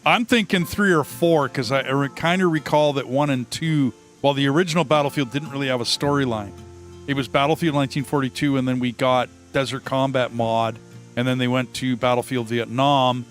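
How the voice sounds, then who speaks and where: A man's voice: mid-range voice, steady tone, brisk, soft background music. Tired male host, easygoing and musing, casual game-night banter on a headset. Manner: laid-back, musing aloud. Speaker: gaming channel host. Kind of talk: casual gaming chat.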